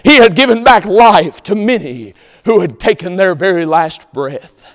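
Man, preacher, emphatic sermon delivery, loud-to-hushed swings, long church reverb. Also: sits high, animated, a little slow.

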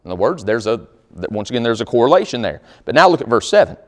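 Lively conversational male pastor preaching. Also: mid-range voice, quick pace. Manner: conversational preaching with jokes, reads scripture aloud. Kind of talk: sermon.

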